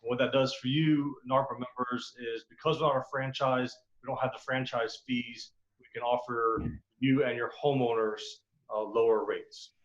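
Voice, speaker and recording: A man pitching his restoration company on a video call, in a plain salesy way with some fillers. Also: little pitch movement, normal speed. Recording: dull lo-fi video call audio.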